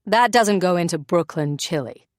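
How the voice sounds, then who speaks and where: A woman voicing a blunt, deadpan man who cooks, as dialogue in an audiobook. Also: fairly low pitch, moderate pace, dry recording, clean studio sound, close to an everyday voice.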